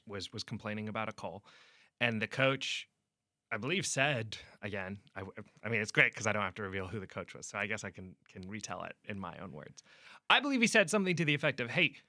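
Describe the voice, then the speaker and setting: A young man, a sports reporter, telling a story in an animated way and acting out quotes during a podcast interview. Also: medium pitch, no room sound, clean studio sound.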